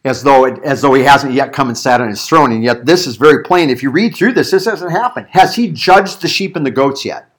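A man teaching a Bible passage in a conversational sermon, animated and given to acting out quotes. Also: mid-range voice, a little fast, hardly any pauses. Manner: animated, acts out quoted voices, thinks aloud with restarts. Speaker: pastor teaching a Bible study.

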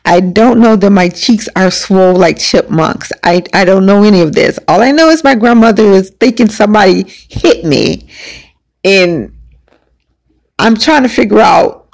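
Gravelly-voiced woman telling a personal story. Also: mid-range voice, animated, moderate pace, darkish tone. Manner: casual, emphatic, conversational with many fillers. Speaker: podcast host.

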